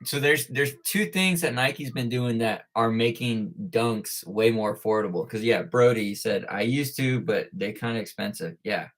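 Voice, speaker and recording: A man's voice: mid-range voice, moderate pace, few pauses. A man hosting a casual live stream, greeting viewers one by one and talking in a loose, easygoing way with plenty of "like" and "uh". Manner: laid-back, greets viewers by name, lots of "like" and "uh". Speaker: livestream host. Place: at school.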